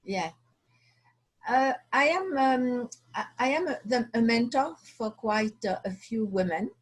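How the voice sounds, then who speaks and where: Slow, husky Swiss woman telling a story. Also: a little high, lively intonation, poor audio. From Switzerland. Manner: halting, searching for words, restarts often. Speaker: watch designer, guest. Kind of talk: storytelling interview.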